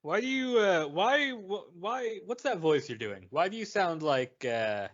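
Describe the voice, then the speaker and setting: Slow-talking podcast dude, dry jokes, voice bounces around a lot, lo-fi audio. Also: male voice, high voice, sing-song, a bit bright. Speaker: podcast co-host. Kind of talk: casual comedic podcast chat.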